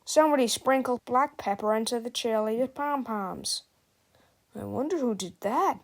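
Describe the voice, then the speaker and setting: Excited fans in the stands of a children's storybook, played by a woman reading aloud, yelling out in a high, loud voice. The shouts are raised well above her normal tone, with a gravelly edge. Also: moderate pace, close to an everyday voice. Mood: shouting. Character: excited crowd of sports fans.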